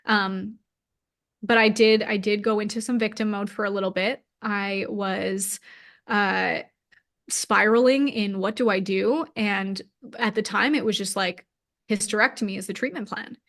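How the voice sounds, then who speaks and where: Slightly slow and a bit bright, her medium-pitched voice keeps fairly even intonation. The woman, in her thirties, is an interview guest who shares a personal story openly and emotionally, often saying "like."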